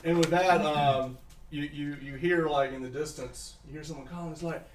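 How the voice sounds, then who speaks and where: A man's voice: fairly high pitch, steady tone, normal speed, reverberant, far from the mic, background noise. A man narrating a tabletop game as game master, laughing often and breaking into voices for the townsfolk.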